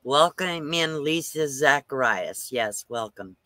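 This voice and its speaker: A man's voice: mid-range voice, animated, slow, bright, forceful tone, dry recording. An older man hosting a livestream, telling a rambling story casually and chuckling often between lines. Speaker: livestream host.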